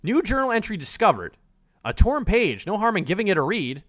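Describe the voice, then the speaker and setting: Streaming a video game, this man reads it aloud in a high, slightly quick voice, cracking jokes and cursing a lot. The audio has no echo, with soft music playing in the background.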